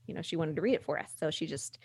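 A middle-aged woman speaking candidly as a guest, halting and restarting, sometimes acting out what others said. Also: low voice, lively intonation, a little mellow, breathy edge, no room sound. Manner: candid, halting with restarts, acts out quoted voices. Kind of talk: conversational podcast interview.

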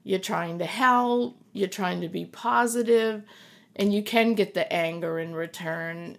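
A woman's voice: mid-range voice, gravelly. A middle-aged woman, a podcast guest and the host's mother, speaking earnestly and reassuringly in an emotional conversation, often repeating herself for emphasis.

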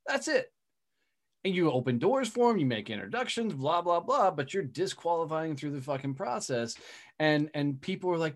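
A man's voice: fairly high pitch, lively intonation, moderate pace. A man hosting a podcast interview, talking casually and emphatically and swearing freely. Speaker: podcast host.

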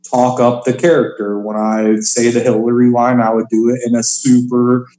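A man's voice: medium pitch, flat delivery, normal speed, warm tone, reverberant, low-quality recording. A man, a stand-up comedian, talking casually about his craft and filling his sentences with "like" and "you know". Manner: chatty, fills with "like" and "you know". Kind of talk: casual podcast conversation.

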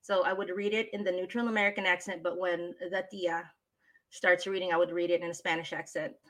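A woman's voice: on the low side, fairly quick. A woman from the Philippines, a former teacher turned voice talent, chatting expressively as a guest in an interview. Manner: animated storyteller, expressive. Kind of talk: casual interview chat.

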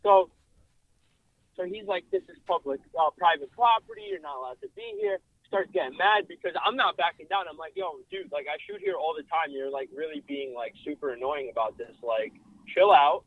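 Young New guy, guest storyteller, lively swooping pitch, thin dry phone sound. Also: vocal fry, dry recording, narrow, tinny audio. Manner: animated, filler-heavy, swearing. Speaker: car photographer guest. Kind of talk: casual storytelling. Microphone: phone call, breaking up.

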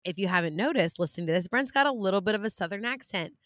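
A woman with a Californian accent hosts a relaxed podcast chat, upbeat and talkative. Her voice has a middling pitch, recorded close with no room sound. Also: racing, dry recording. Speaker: podcast host. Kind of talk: casual conversation.

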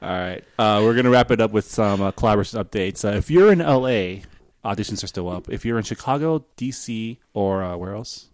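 A man co-hosting a podcast, his voice sitting a little low and recorded dry and close. He moves between loose jokes and reading out updates for listeners. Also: animated, brisk, hardly any pauses, no room sound. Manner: joking, reads announcements. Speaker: podcast co-host. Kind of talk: casual podcast chat.

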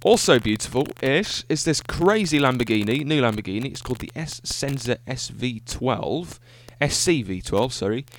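A podcast host with a medium-pitched voice gives a casual solo monologue over slight background noise. He's enthusiastic and tends to ramble, often stopping to correct himself.

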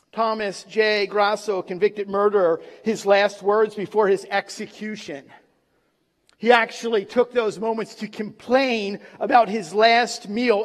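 A man preaching a sermon in a church, dramatic, pausing for effect and acting out the quotes he gives. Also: sits high. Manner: dramatic, with pauses and acted quotes. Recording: long reverb of a large hall.

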